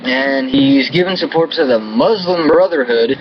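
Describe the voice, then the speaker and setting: A little high-voiced and speaking at normal speed, an American vlogger goes on an angry political rant to camera, cursing and hurling contempt and insults. The recording is dull and lo-fi, with an air-conditioning hum.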